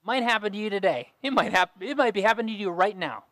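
A man's voice: high-pitched, expressive, quick pace, bright, forceful tone, no echo. A young adult man preaching a sermon as pastor, earnest and fond of repeating key phrases.

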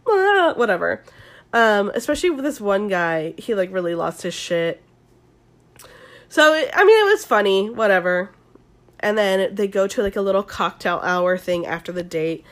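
Chatty young woman, animated ASMR recap. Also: mid-range voice, moderate pace. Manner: chatty, animated, swears, lots of "like" fillers. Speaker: podcast host recapping a reality show. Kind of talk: ASMR-style recap chat.

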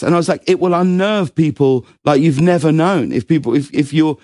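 Animated storytelling man, dry sound. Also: a little high, brisk, hardly any pauses, dry recording. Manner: animated storyteller, acts out quotes in raised voice. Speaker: guest. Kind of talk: casual interview chat.

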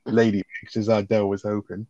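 A man in a casual chat about a sitcom episode, quick and full of fillers, swearing as he retells scenes. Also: on the low side, level tone, mellow, no echo. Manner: rapid, full of fillers like 'like', swears, quotes characters. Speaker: podcast co-host. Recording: dull lo-fi dry sound.

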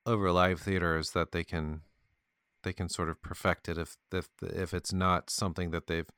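A man's voice: deep voice, little pitch movement, moderate pace, a bit bright, clean tone, dry recording, clean studio sound. A man co-hosting a podcast in casual chat, rambling with restarts and laughing at his own jokes. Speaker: podcast co-host.

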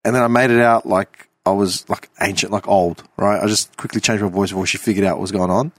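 A man hosting a podcast, telling a story in an animated, casual way with some swearing. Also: on the low side, no room sound. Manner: animated, swearing, quick bursts of laughter. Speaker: podcast host.

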